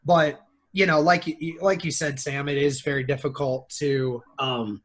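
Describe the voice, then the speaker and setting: A man's voice: fairly high pitch, steady tone, a little slow. A man guesting on a sports podcast, chatty and opinionated. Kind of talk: casual sports podcast talk.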